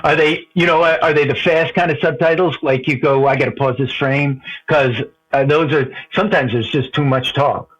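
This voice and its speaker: A man calling in to a movie podcast, rambling and halting, laughing at his own stories. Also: a little high, fairly even intonation, a bit bright, rough recording. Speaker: caller. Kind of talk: casual phone-in chat.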